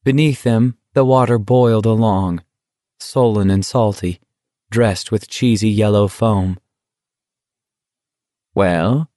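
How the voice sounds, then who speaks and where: A man reading a novel aloud in measured, even audiobook narration. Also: fairly low pitch, dry recording, studio quality. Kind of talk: scripted narration.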